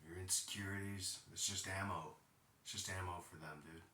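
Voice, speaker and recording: A man's voice: deep voice, steady tone, normal speed, pushed and bright, a little hiss or hum. A man in his thirties telling a personal story as a podcast host, blunt and profane, and heated at times. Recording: roomy sound, distant from mic.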